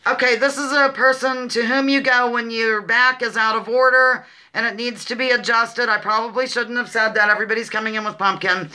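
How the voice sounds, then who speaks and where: A woman's voice: a little high, smooth. A woman hosting a casual livestream word-guessing game, chatty and often breaking into giggles as she reads out clues and greets viewers. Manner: giggly, chatty, addresses viewers as ladies and gentlemen. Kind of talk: casual live-stream chat.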